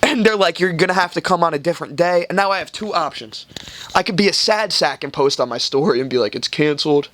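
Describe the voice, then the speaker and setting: A young man hosts a casual podcast and tells a long, rambling story full of swearing. His voice sits a bit high, and he acts out the other people as he goes. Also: fast, fairly bright tone. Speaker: podcast host.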